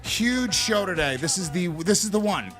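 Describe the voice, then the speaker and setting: A male comedian co-hosting a studio podcast, loud and teasing, with a fairly high voice for a man. He swears freely and needles his partner. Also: lively intonation, moderate pace, soft background music. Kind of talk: casual podcast banter.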